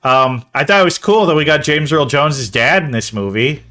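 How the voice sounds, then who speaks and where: A man's voice: on the high side, moderate pace, sharp tone. A man hosting a casual movie-review podcast, rambling and laughing at his own puns. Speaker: podcast host.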